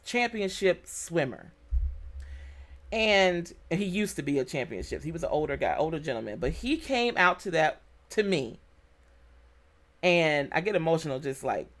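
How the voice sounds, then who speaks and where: A woman vlogger casually telling a personal story, animated and emotional, acting out quoted exchanges. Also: on the low side.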